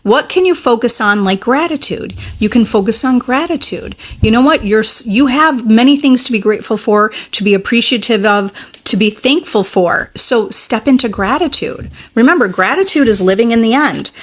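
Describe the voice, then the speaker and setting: Woman coach, young adult, casual teaching talk, encouraging, higher pitch. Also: lively intonation, normal speed. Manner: encouraging, repeats "okay?" often. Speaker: manifesting coach.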